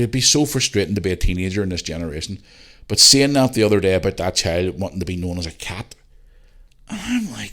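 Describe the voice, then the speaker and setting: Very low-voiced man ranting as host. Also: fairly bright tone. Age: 40s. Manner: ranting, swears freely, emphatic repetition. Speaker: podcast host. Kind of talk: opinionated casual monologue.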